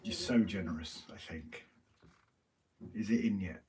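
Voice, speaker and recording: A man's voice: deep voice, a little slow, a little mellow. Teasing British man, off-mic. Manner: teasing, banter-heavy. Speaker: livestream co-host. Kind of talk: casual live-stream chat reading comments. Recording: voice from a distance, faint noise.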